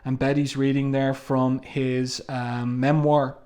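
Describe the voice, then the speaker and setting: A man's voice: medium pitch, level tone, slow pace, a little mellow. A man reviewing a comic book in a casual, conversational way, stopping often with ums and asides. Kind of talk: casual comic review, reading panel dialogue aloud.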